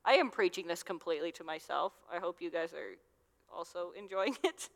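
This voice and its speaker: A young woman gives a relaxed, chatty sermon, talking to a youth group like friends. Her voice sits on the low side, and a long hall reverb trails after her words. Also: a little fast, gravelly. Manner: chatty, conversational, with many fillers. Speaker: youth minister. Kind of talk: casual sermon.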